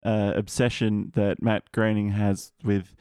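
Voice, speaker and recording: A man's voice: lowish voice, level tone, a little slow, darkish tone, clean tone, dry recording, clean studio sound. A man, a guest on a casual podcast, who thinks aloud in a hesitant way. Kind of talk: casual chat.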